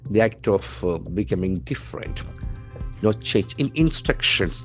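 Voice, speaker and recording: A man with an Indian English accent teaching English words from a newspaper, spelling them out letter by letter and repeating each word slowly. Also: on the low side, animated, soft background music. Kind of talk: newspaper vocabulary lesson.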